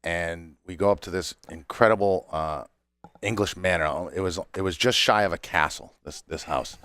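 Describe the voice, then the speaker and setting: Deep, smooth-voiced man telling stories. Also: normal speed, no echo. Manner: animated storyteller, laughs between lines. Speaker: cigar company owner, guest. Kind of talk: casual storytelling chat.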